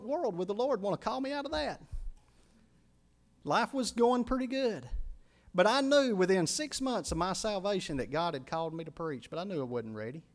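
A middle-aged man, preaching a sermon as a pastor and telling his own testimony, rising from quiet confession to loud, pleading climaxes. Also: high-pitched.

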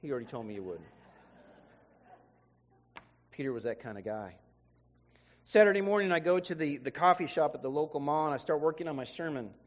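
A man's voice: fairly high pitch, animated, fast. A man preacher telling an emotional testimony in a sermon, often repeating words as he goes. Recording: long hall reverb.

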